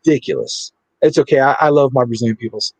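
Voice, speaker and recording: A man co-hosts a podcast of casual sports chat, talking playfully and sometimes tripping over names. His voice is mid-range with a darkish tone and a quick pace, in a rough recording with no echo.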